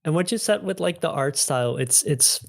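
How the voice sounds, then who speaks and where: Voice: mid-range voice, animated, moderate pace, vocal fry, no room sound, clean studio sound. Rambling enthusiastic podcast guest. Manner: rambling and enthusiastic, many fillers. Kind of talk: casual chat.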